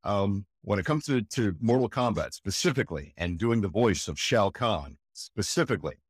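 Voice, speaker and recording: A man, a voice actor, telling stories in an animated, emphatic way during an interview. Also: fairly low pitch, moderate pace, breathy edge, no room sound, studio quality. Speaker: voice actor guest. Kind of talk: enthusiastic interview chat.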